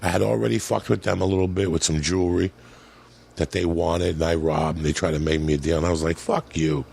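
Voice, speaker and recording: A man's voice: low voice, fast, gravelly. A middle-aged man, a comedian, telling profane stories on a podcast and acting out the people in them. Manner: profane, animated storyteller doing voices. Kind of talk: storytelling on a podcast.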